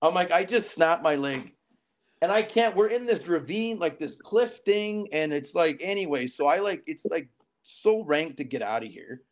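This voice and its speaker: A man's voice: on the high side, moderate pace. A man in his thirties from southern Alberta, a podcast guest telling a story casually and acting out the dialogue. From southern Alberta, Canada. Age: 30s. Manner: animated, acts out quoted dialogue.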